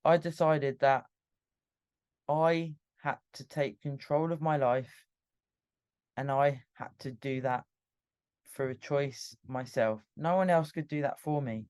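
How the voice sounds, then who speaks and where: A woman's voice: very deep voice, takes it slowly, long pauses, darkish tone, smooth. A British woman hosting a podcast, candidly telling her own story in an emotional monologue. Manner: candid and emotional, with frequent restarts. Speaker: podcast host.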